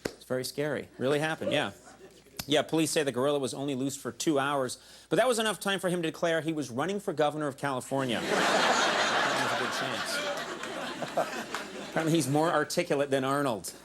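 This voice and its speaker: A man's voice: on the high side, a little fast, pauses often, very noisy. A man hosting a late-night show, delivering a comedy monologue with self-mocking asides on a studio stage. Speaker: talk show host. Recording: live studio audience laughter and applause.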